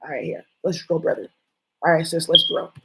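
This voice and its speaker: A woman's voice: sits low, fairly quick, heavy background noise. A woman vlogger talking to her viewers in a rambling, jumpy monologue, swearing often.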